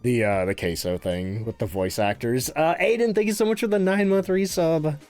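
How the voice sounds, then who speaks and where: A man's voice: fairly high pitch, normal speed, darkish tone. A man streaming live, chatting casually, reading chat aloud and thanking subscribers, often laughing. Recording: faint game music behind the voice.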